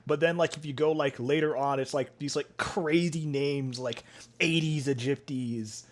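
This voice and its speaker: A man's voice: a little high, fairly even intonation, moderate pace. A young man hosting a casual podcast, rambling with lots of fillers and laughing often. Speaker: podcast host. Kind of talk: casual chat.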